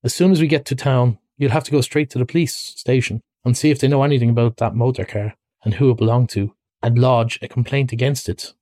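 A man doing a firm, sharp-tongued water rat. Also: mid-range voice, steady tone, a little fast, few pauses, dry recording, studio quality, lightly acted. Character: stern practical male water rat.

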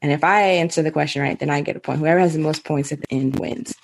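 A woman in her thirties chatting on a casual podcast with a lower pitch than most women. She rambles, leaning on "like" and laughing often as she talks. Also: fast talker, gravelly, a little hiss or hum. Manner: rambling, heavy "like" filler, frequent laughter. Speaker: podcast co-host. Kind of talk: casual chat.

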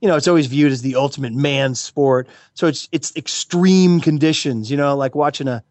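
A man chatting as a guest commentator on a podcast, excitable and rambling, joking as he goes. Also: mid-range voice, moderate pace, no echo. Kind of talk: casual podcast chat.

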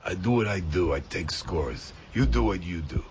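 An actor playing a calm, hardened career criminal in a film clip, with a slow, flat, menacing delivery. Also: male voice, low-pitched, slight background noise. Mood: cold.

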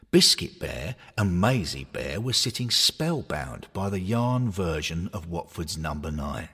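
A husky-voiced man narrates a comic tale with wry, deadpan detail. His pitch runs low but moves around a lot, and the close recording is dry. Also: dry recording.

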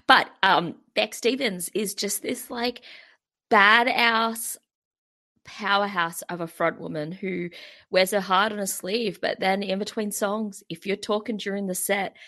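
A woman's voice: mid-range voice, sharp tone. An Australian woman co-hosting a podcast in casual chat, talking with many fillers and frequent giggles. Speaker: podcast co-host.

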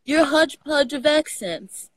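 A woman's voice: sits high, moderate pace, slight background noise. A woman from Texas with a Southern accent, a guest telling stories with lots of laughter in a casual chat over a video call. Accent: Southern US, Texan. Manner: laughing, animated storytelling.

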